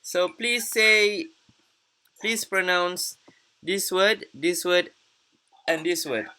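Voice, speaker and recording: Woman teacher, online pronunciation class, slow and patient, bright voice, encouraging. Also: lowish voice. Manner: patient, encouraging, repeats words slowly.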